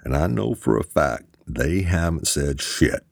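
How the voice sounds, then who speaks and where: A man voicing a stern, guarded male colonel who speaks in a calm, measured way in an audiobook. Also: rumbling low, gravelly, slightly rough, no room sound, clean studio sound, heavily acted.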